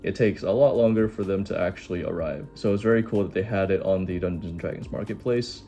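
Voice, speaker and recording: A young man casually chatting as he hosts a card unboxing, relaxed and enthusiastic. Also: low voice, quick pace. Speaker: card-opening host.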